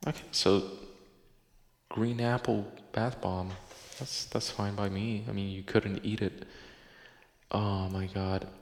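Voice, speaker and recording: A man's voice: on the low side, flat delivery, slow, long pauses. A man hosting a casual solo podcast, swearing in exasperation as he reads listener posts aloud. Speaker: podcast host. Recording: echoey room with long reverb.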